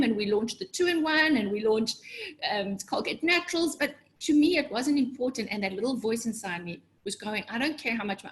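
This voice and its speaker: A middle-aged woman with a fairly high voice coaches a webinar audience. She talks in an animated way and jumps up in pitch whenever she acts out the voices in her head. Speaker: business coach. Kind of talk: motivational webinar presentation.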